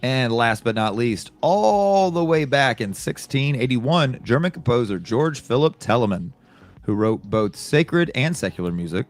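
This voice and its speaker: A man of ordinary pitch co-hosts a relaxed podcast, running through this day's history items in a conversational way. He tosses in offhand comments as he reads, and a little music plays faintly underneath. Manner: reads daily history items, chatty asides. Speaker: podcast co-host. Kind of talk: casual chat.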